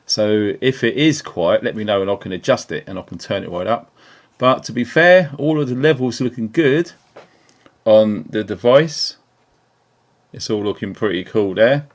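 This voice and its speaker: An English man with a fairly low, expressive voice hosts a casual live stream indoors at his computer, speaking at a moderate pace into a small desk mic on his keyboard. Upbeat and chatty, he greets viewers by name with plenty of ums.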